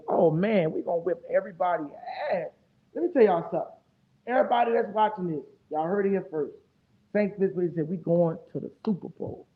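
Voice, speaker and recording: Fired up guy with a high voice ranting about his team, cussing a lot, sounds like it's over a phone line. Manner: animated, profane trash talk. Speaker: fan show host. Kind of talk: casual sports talk stream. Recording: tinny phone-like audio.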